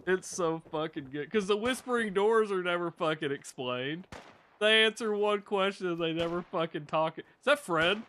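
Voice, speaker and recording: Bright, swearing game streamer man. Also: high voice, moderate pace, slight background noise. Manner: profane, rambling, laughs while telling stories. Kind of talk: casual live-stream chatter.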